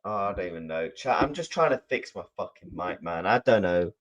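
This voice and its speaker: A man's voice: low voice, expressive, brisk, low-quality recording. A young man, ranting and swearing at his live chat after his team's match, talking into a desk mic at home. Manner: furious ranting, swearing, repeating himself. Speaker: football fan channel host. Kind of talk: angry post-match reaction to live chat. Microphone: desk mic he is adjusting.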